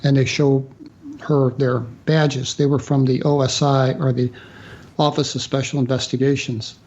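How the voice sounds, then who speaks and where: A man telling a personal story as a guest author in a radio interview, halting with fillers and restarts. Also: mid-range voice, little pitch movement, darkish tone, lo-fi sound.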